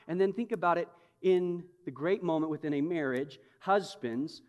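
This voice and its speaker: A man's voice: a little high, moderate pace, hardly any pauses, a little mellow, long reverb tail. A man preaching a sermon with emphatic, conversational delivery and touches of humor. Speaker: pastor.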